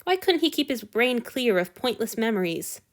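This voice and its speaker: A woman's voice: fairly high pitch, moderate pace. Woman reading a story aloud. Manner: expressive storytelling narration. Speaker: audiobook reader. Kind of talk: fan fiction read-aloud.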